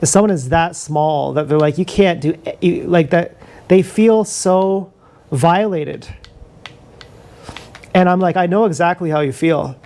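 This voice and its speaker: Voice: mid-range voice, unhurried, darkish tone. A live streamer talking in a rambling, profane, confessional monologue, recorded on an action camera mic.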